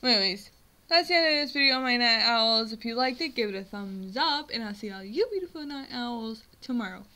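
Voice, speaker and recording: Talking casually to her vlog audience, a young US woman in her twenties tells a funny story about herself, rambling and self-mocking and packing in filler words like "like." Her slightly high voice is bright and pushed, with lively intonation and a somewhat quick pace. The recording quality is low.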